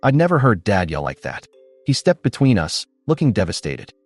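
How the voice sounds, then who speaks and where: A man giving scripted, expressive narration of a first-person story. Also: on the low side, moderate pace, no room sound, faint music behind.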